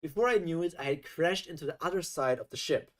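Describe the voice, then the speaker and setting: Animated man reading a story aloud. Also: fairly high pitch, fast talker. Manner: animated, exasperated asides. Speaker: reaction streamer. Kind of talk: reading a fan story aloud with live reactions.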